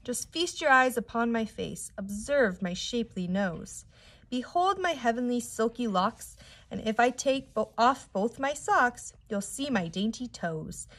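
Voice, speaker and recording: A woman's voice: a little high, expressive, unhurried, fairly bright tone. Storybook villain: vain, spiteful aunt, bragging in rhyme, read aloud by a woman. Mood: boastful. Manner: boastful, sing-song rhyming.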